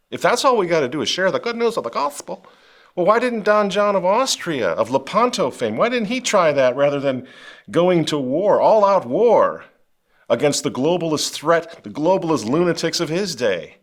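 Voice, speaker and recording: A man's voice: fairly high pitch, big pitch swings, moderate pace. Fiery middle-aged man hosting commentary. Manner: fervent, swings from quiet intensity to loud outrage. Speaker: show host. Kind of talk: impassioned commentary.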